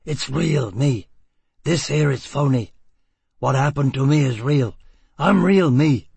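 A man doing a growling rough spaceman. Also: mid-range voice, level tone, normal speed, no room sound. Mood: defiant. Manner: growling, blunt, crude speech. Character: rough, defiant male spaceman.

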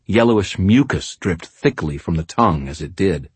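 Deep-voiced man narrating an audiobook. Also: animated, husky, dry recording. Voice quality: wry, measured first-person telling. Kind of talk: first-person fantasy audiobook narration.

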